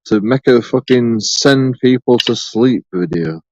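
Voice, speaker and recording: A man's voice: mid-range voice, lively intonation, unhurried, dry recording, muffled recording. A man rambling sarcastically through a profane solo vlog, repeating himself as he goes. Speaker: YouTube auditor.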